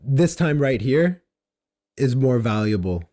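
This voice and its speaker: A man's voice: mid-range voice, expressive, takes it slowly, mellow. A man hosting a podcast, asking questions in a hesitant way full of fillers. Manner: hesitant, many fillers and restarts. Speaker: podcast host. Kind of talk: casual interview chat.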